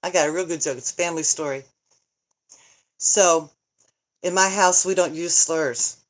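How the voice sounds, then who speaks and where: A middle-aged woman with a fairly low voice speaks at normal speed on a phone-recorded livestream. She's a vlogger and grandmother who chats casually, jokes, rambles, and answers viewer comments as they come in.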